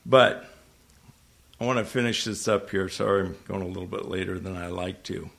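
A man preaching to a congregation, talking to them conversationally and asking them questions, with sudden loud emphasis and frequent self-corrections. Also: low-pitched, fairly even intonation, normal speed, vocal fry. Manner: restarts and self-corrections when tongue-tied. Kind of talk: sermon. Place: church hall with a congregation.

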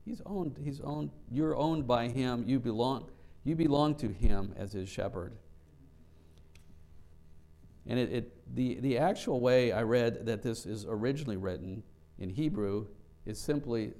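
Male preacher, low gravelly voice with a dark, mellow tone, earnest and a little halting. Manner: earnest, repeats words, slow deliberate scripture reading. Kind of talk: Bible study sermon.

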